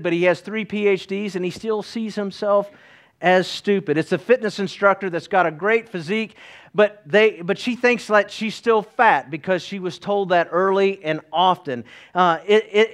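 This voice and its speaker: A man's voice: sits high, a bit bright. A middle-aged man from East Tennessee, preaching a sermon in a folksy way with joking asides to the congregation. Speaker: pastor.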